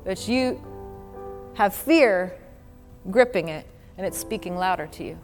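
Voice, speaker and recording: Slow-preaching woman in a reverberant hall. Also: mid-range voice, expressive. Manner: earnest, conversational preaching with laughs and quoted scripture. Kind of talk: sermon. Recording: long hall reverb with faint music.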